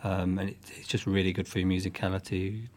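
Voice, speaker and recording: Man, low voice, musician guest, halting and thoughtful. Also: flat delivery, a little mellow. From northwest England. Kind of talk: relaxed interview chat.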